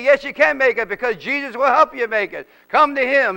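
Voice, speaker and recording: A man's voice: very high-pitched, normal speed, hardly any pauses, bright, forceful tone, clean tone, rough recording. A male preacher leading a congregation in prayer in an auditorium, fervent, with rhythmic, repeated calls.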